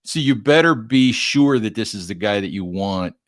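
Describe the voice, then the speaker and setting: Conducting a podcast interview, a host and writer asks questions in a conversational, wry manner. His voice sits on the low side, animated and at a moderate pace.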